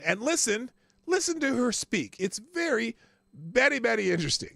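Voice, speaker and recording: A man's voice: high voice, creaky, fairly bright tone, no echo, studio quality. A male host giving casual live commentary, crude and mocking, often breaking into laughter.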